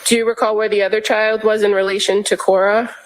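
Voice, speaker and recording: A woman prosecutor questioning a witness in a courtroom, in measured, methodical questions with frequent pauses. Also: medium pitch, little pitch movement, slight background noise. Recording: echoey courtroom audio.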